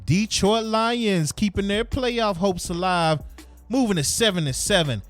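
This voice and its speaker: A man's voice: high voice, unhurried, fairly bright tone, soft background music. A man hosting a sports podcast, ranting heatedly in casual slang. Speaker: podcast host.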